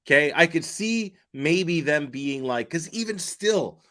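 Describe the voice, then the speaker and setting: In a slightly high, sharp-toned voice with lively intonation and a somewhat slow pace, a man gives skeptical, casual true crime commentary. He restarts often, asks rhetorical questions rapidly, and acts out quoted questions from the dispatcher.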